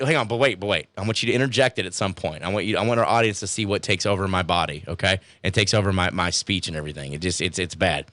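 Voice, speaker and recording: A man's voice: sits low, fast, few pauses, fairly bright tone, faint music behind. A man guest-hosting a talk radio show, casual, playful and self-mocking. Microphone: studio microphone.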